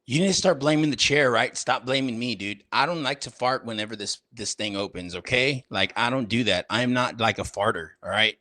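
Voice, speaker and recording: Bright-voiced slangy man livestreaming. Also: medium pitch, a little fast, hardly any pauses, no room sound. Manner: slangy, repetitive, talks straight to chat. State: slightly out of breath. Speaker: livestream host. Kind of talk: casual livestream chat.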